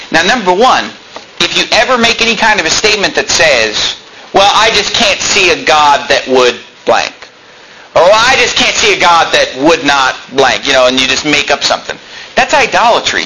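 A man's voice: a little high, noisy background. A man preaching a sermon to his congregation, quoting scripture and building fervor. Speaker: pastor.

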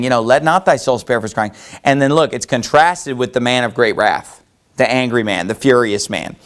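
A man's voice: on the high side, a bit bright. A man preaching a sermon as a pastor, emphatic and conversational, with frequent "you know" asides.

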